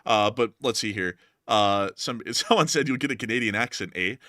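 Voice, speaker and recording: A man hosting a live stream, jokey and upbeat, with a bright, forward tone. His pitch sits a little low, and the sound is dry and close to the mic. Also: normal speed, no echo. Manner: jokey, upbeat, filler-heavy. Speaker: live stream host reading super chats. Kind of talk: casual chat.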